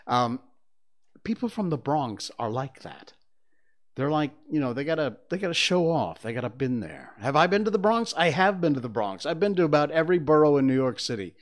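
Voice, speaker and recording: A man's voice: a little high, very animated, normal speed. An older man from Connecticut hosting a talk show from a studio, drifting from topic to topic in a casual, opinionated monologue full of fillers. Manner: conversational, digressive, with many fillers.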